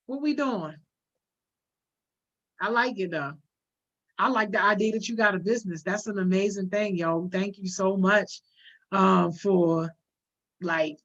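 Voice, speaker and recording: A woman's voice: mid-range voice, a bit bright. A woman hosting a casual livestream, reading viewer comments aloud, using lots of slang and often laughing. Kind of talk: casual live chat. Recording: dull lo-fi audio.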